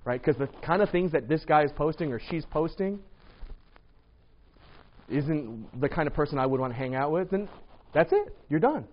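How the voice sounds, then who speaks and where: A man preaching a casual, lively sermon to a congregation, often asking "right?" and acting out what people say. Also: on the high side, moderate pace, long pauses. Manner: lively, rhetorical, acts out quoted voices. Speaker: pastor. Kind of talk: sermon on dating and marriage. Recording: dull lo-fi recording.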